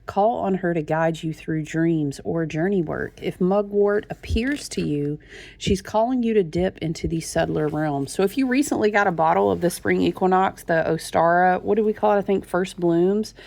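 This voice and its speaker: A woman's voice: fairly low pitch, normal speed, creaky, darkish tone. A woman tarot reader in a gushing, chatty talk to her viewers, often calling them y'all. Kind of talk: casual chat.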